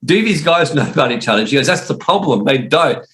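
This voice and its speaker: A middle-aged man with an Australian accent, hosting a casual chat and telling a story with lively shifts of voice when he quotes people. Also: medium pitch, fairly quick. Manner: animated storyteller, voices swinging up when quoting others. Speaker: host.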